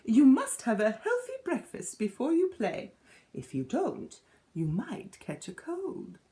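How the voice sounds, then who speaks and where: A woman voicing a caring raccoon mother in a storybook read-aloud, gently scolding. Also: a little high, huge pitch swings, takes it slowly, pitched above the performer's own voice, full character voice.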